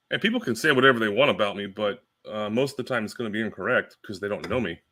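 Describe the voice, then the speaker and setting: Man, podcast guest, low pitch, bright forceful tone, rambling and blunt. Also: a little fast. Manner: rambling, filler-heavy, blunt. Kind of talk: casual chat.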